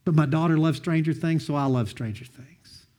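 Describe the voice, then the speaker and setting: A man sharing a personal testimony, earnest and heartfelt, often quoting others with lively bursts of emphasis. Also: fairly high pitch, moderate pace. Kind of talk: heartfelt storytelling talk.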